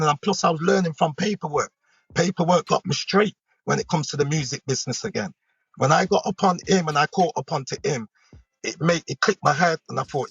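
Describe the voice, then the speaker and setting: This British hip hop artist from the UK has a slightly high, creaky, husky voice and talks a little fast with no echo. In a casual interview he tells rambling, animated stories and keeps checking in with the listener. The lo-fi recording carries faint music in the background.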